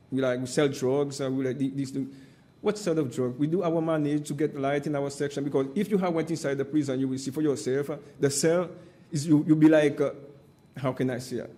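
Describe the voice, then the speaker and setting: A witness at a public hearing speaks English. His voice is dark and warm, and he talks haltingly, filling pauses with "uh". He keeps pressing his point with an insistent "my friend". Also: mid-range voice. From Seychelles. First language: Seychellois Creole. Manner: halting, frequent "uh" fillers, insistent repeated "my friend". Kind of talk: testimony at a hearing.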